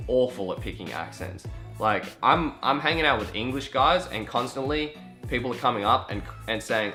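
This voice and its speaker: Bright-voiced Australian young man. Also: medium pitch, expressive, moderate pace, faint music behind. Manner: chatty, swears casually, acts out quoted voices. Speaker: vlogger. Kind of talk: casual storytelling vlog.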